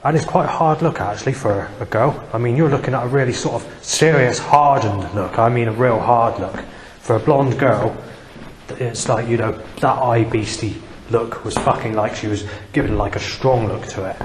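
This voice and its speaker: A man's voice: mid-range voice, normal speed. A man giving a rambling, agitated vlog monologue, swearing often and circling back over the same points. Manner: agitated, profane, repetitive. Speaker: vlogger. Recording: long reverb, faint background noise.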